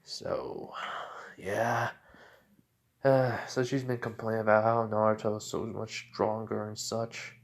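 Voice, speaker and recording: A man's voice: on the low side, little pitch movement, slow, vocal fry. A young man casually retelling a fan-made story, rambling with many fillers and restarts.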